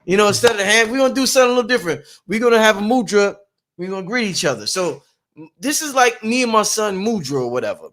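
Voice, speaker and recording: A man with a notably high speaking voice tells a story as the host of a casual discussion. He is excitable and profane, and keeps stacking up "I said" and "I'm like" as he goes. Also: quick pace. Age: adult father. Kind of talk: animated storytelling in casual talk.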